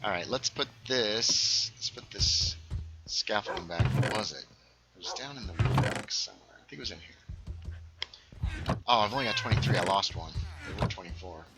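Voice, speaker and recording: Chatty guy streaming a game, kinda low voice, jokes around a lot, noisy in the background. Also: expressive, normal speed. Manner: chatty, playful, jokey. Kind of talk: casual gameplay chat.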